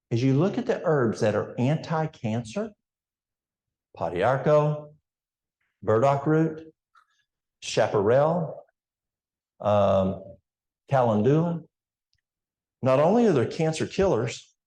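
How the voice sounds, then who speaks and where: A man's voice: medium pitch, big pitch swings, unhurried, long pauses, warm tone, echoey room. An older man with an East Tennessee Appalachian accent, giving a folksy health seminar talk in a church and addressing the audience directly. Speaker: health educator.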